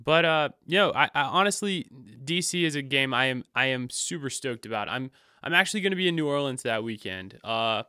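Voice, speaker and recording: A young man co-hosting a casual sports chat, excitable and rambling, with frequent restarts. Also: mid-range voice, brisk, few pauses, clean tone, no echo, studio quality. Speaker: podcast co-host.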